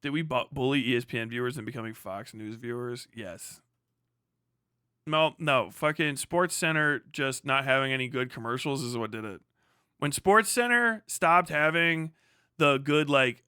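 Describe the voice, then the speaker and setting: A man hosting a livestream, ranting casually in a profane, rambling way and mimicking people in quick put-on voices. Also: a little high, sharp tone, smooth, no room sound, clean studio sound. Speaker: livestream host. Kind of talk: casual rant.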